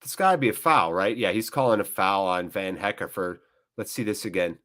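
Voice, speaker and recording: A man hosting a live fan watchalong, giving emotional, excitable match commentary. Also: fairly low pitch, moderate pace. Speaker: fan channel host.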